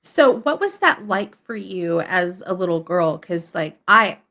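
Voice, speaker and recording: A woman's voice: fairly low pitch, animated, a little slow, bright, forceful tone. A woman hosting a casual chat, asking follow-up questions in an encouraging way. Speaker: podcast host. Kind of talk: casual conversation.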